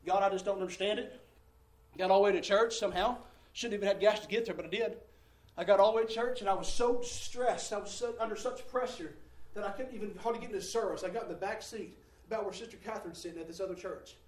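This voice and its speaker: A man giving a preached testimony in church, fervent, swinging from hushed to shouting. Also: high voice, fast. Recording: echoey room, mic at a distance.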